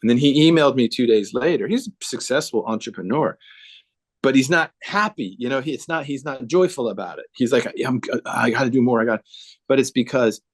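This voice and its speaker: A man's voice: mid-range voice, a little fast. A man speaking earnestly on a video call, telling a story with emphasis and acting out the dialogue. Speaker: guest speaker.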